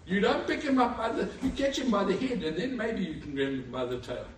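A man preaching a sermon with animated storytelling, who lives in Africa. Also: sits high, fairly quick, slight background noise. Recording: echoey room, far from mic.

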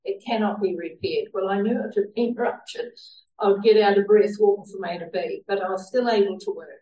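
A woman's voice: mid-range voice, fairly even intonation, brisk, mellow, dull audio. New woman telling her faith story, earnest, sounds a bit far off in an echoey room. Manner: earnest storytelling, laughs now and then. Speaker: church member sharing a testimony. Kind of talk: personal faith testimony. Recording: roomy sound from a distant mic.

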